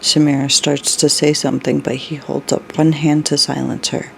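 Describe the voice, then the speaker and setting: A storyteller reading a dark story aloud, unhurried, with brief personal asides. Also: mid-range voice, level tone, creaky, a little hiss or hum, rough recording.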